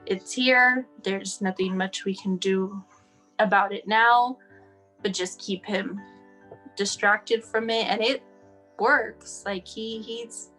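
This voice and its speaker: A woman's voice: medium pitch, fairly even intonation, takes it slowly, pushed and bright, faint music behind. A woman sharing her son's story as a guest, talking casually and running on with "like" and "you know".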